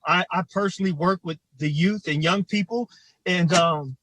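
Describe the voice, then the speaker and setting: Choked-up man, halting and high-voiced. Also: a bit bright, a little hiss or hum, rough recording. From Ohio. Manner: halting, emotional, many fillers. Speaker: community organizer. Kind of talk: livestreamed protest testimony. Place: outdoors in front of a state capitol.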